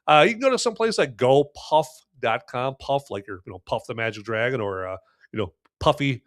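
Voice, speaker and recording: A man's voice: medium pitch, animated, brisk, no room sound, studio quality. A man hosting a live podcast, reviewing a beer in a rambling, folksy way with many fillers and restarts. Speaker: podcast host.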